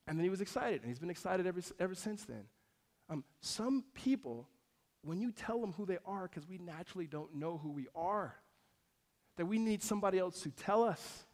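A man in his thirties, a pastor giving a sermon in a conversational way that moves between emphatic lines and hushed ones. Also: high voice.

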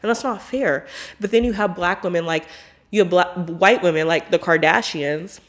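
In a lowish voice at a moderate pace, a woman hosts a podcast with a casual monologue. Her tone is blunt, emphatic and profane, lively throughout, with "like" scattered everywhere.

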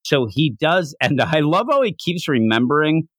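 A man co-hosting a casual podcast chat, animated, often slipping into high put-on voices to act out character lines. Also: normal speed, no echo, studio quality. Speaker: podcast co-host reviewing an anime.

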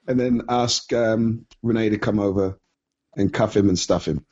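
A man co-hosting a podcast in casual chat, giggly and deliberate. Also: fairly low pitch, darkish tone, breathy edge, dull audio. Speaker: podcast co-host.

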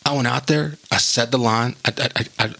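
A man with a gravelly, bright voice who chats casually and rambles through stories, jumping into lively quoted voices. He talks as a podcast co-host sharing stories with a friend. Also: mid-range voice, fairly quick. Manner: rambling, animated, acts out quotes. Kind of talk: casual storytelling chat.

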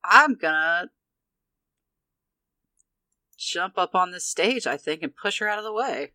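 A man at a tabletop game, talking through what his character did in a rambling, wry way with plenty of ums and you-knows. His voice sounds bright and forward, recorded close and dry. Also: sits high, animated, a little slow, no echo. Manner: rambling, wry recap with many fillers. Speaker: player.

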